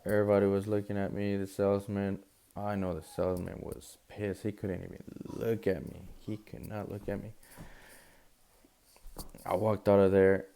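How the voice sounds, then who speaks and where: A man's voice: fairly low pitch, little pitch movement, normal speed, vocal fry, warm tone, clean tone. A young man casually retelling a personal story in a slangy, conversational way, acting out the quoted lines.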